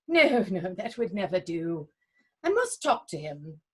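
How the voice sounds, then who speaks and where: A woman voicing a gentle, polite male doctor in a storybook reading, calm and reasonable. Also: lowish voice, a little slow, husky, pitched below the performer's own voice, exaggerated voice.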